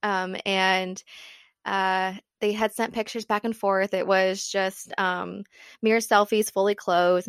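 A woman's voice: medium pitch, steady tone, moderate pace, clean tone, no room sound, clean studio sound. A young woman co-hosting a podcast, telling a personal story candidly, with plenty of swearing. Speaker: podcast co-host. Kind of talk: casual chat.

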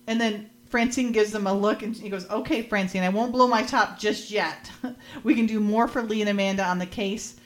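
A woman's voice: mid-range voice, steady tone, normal speed. A woman hosting a podcast, casually recapping a TV episode and quoting the characters with light acting and frequent laughs. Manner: quotes characters in lightly acted lines, laughs often. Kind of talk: casual chat, retelling scenes.

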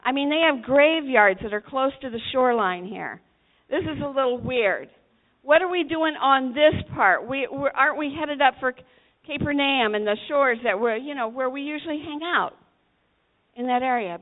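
A woman preaching a sermon to teenagers, telling the story dramatically and acting out the voices. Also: high voice. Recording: tinny phone-like recording.

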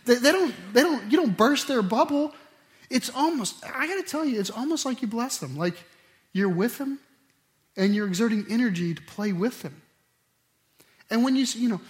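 A middle-aged man preaching a sermon, animated, swinging between loud emphatic stretches and quiet asides. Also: very high-pitched, a little fast. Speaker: pastor.

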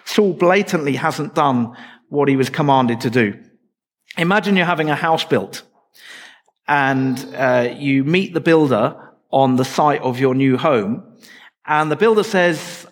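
A man's voice: medium pitch, measured pace. A man preaching a sermon in a church, explaining scripture in a conversational way with light asides to the congregation.

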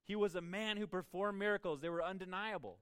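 Male pastor, higher pitch, dry close sound; emphatic sermon with repeated starts. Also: fast talker, fairly bright tone, smooth, no room sound. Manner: emphatic, repeats words when starting a thought.

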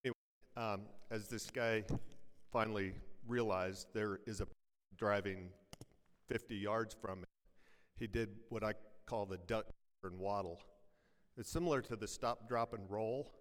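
A pastor preaching a sermon to his congregation, firing off rhetorical questions and quick jokes, then dropping to a hush for weighty lines. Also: fairly low pitch, steady tone. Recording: long reverb, from a large church hall.

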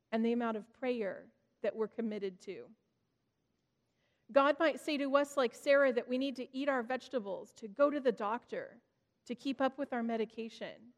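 Earnest woman preaching, high voice in echoey hall. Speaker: devotional speaker. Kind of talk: reflective sermon reading. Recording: long reverb, hall-like.

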